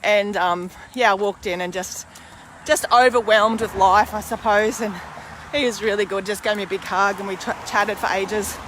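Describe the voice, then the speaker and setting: Speaking at normal speed with a medium-pitched, fairly bright voice and fairly even intonation, a woman in her forties gives a candid, rambling monologue to camera. The vlogger and podcaster swears mildly at times, and there's a little hiss or hum.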